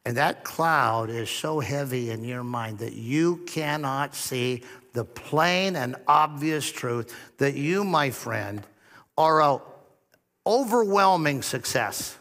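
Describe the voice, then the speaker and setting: A middle-aged man preaching as a pastor, telling a story with touches of humor and quieter quoted dialogue. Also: medium pitch, slow, gravelly. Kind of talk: sermon. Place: church hall. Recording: long hall reverb.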